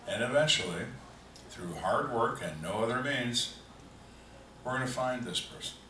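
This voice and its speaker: An older man who was a homicide detective tells dry, deadpan stories with slow, emphatic pauses at a live fan Q&A. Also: medium pitch, slight background noise. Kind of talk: live storytelling Q&A. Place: event room on a cruise ship, live audience. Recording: echoey room, distant mic, faint ambience.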